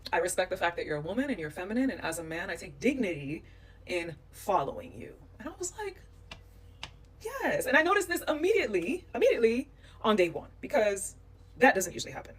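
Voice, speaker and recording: Animated woman telling a travel story. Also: mid-range voice, fast talker, husky, recorded from a distance. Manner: animated, acting out quoted voices. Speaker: vlogger recounting a trip. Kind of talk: storytelling vlog.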